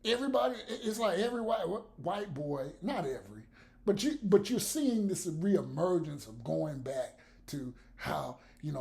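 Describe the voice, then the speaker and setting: A man's voice: on the high side, animated, moderate pace, vocal fry, darkish tone. A man vlogging blunt, profane commentary to the camera, with laughs between his points.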